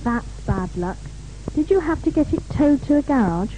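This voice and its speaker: A woman's voice: high-pitched, lively intonation, moderate pace, music in the background, poor audio. A woman playing a sympathetic friend in a scripted language-course dialogue, asking questions in a bouncy, sing-song way. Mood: concerned.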